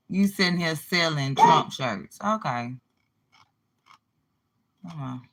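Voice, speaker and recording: A woman's voice: sits low, expressive, slow pace. A woman in her forties hosting a casual political commentary vlog, talking emphatically and laughing between her points. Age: 40s. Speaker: channel host.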